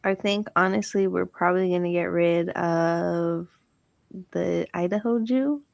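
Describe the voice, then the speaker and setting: A woman's voice: fairly low pitch, measured pace, vocal fry, noisy background. A woman on a dating show, answering bluntly and frankly in casual chat.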